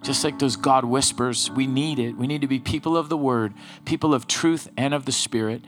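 Pastor, man, middle-aged, earnest and pleading, prays over soft guitar. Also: mid-range voice, moderate pace. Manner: earnest, pleading, repeats phrases. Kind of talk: sermon with altar prayer.

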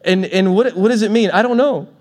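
Playful high-voiced male pastor preaching. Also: brisk. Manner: playful, laughs often, animated storytelling. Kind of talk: sermon.

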